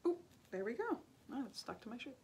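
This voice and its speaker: A woman's voice: a little high, fairly quick, noisy background. Gushing chatty young woman unboxing. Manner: gushing and chatty, many "like"s, excited exclamations. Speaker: YouTuber opening fan mail. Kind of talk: casual chat. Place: indoor studio. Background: paper crinkling and clicks.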